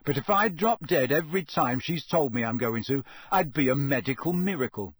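A man's voice: mid-range voice, animated, normal speed, slightly rough, dry recording, clean studio sound. A man doing a wry teenage schoolboy.

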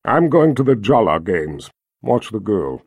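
A man's voice: fairly low pitch, big pitch swings, a little slow, a little mellow, breathy edge, no echo, pitched below the performer's own voice, heavily acted. A domineering fantasy emperor, as a male narrator voices him, curt and commanding. His orders come short and blunt. The sound is dry and close.

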